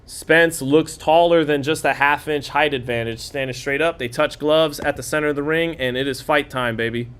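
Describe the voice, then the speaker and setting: A man's voice: on the high side, fairly bright tone, clear, resonant tone. A man hosting a live boxing watch-party stream, chatting casually, reading viewer comments aloud and calling the fight punch by punch. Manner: quick play-by-play calling of punches.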